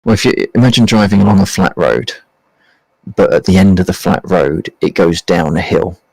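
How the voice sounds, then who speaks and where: A man on a casual stream chat, explaining something carefully and haltingly. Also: sits low, gravelly, darkish tone, dry recording, rough recording. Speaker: stream guest.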